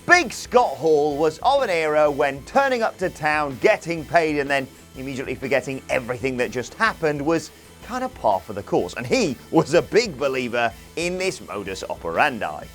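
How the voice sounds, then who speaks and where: A man narrates a scripted video with a dry, sardonic edge and lots of jokey asides. His voice sits a little high and swings up and down in pitch with animated energy. Soft music plays quietly underneath. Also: moderate pace.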